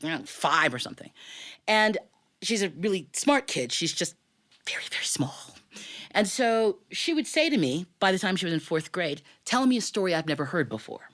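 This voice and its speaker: A woman telling a family story live, chatty and quizzing her audience. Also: on the low side. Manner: lively, chatty, asks the audience questions. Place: recording studio with live audience.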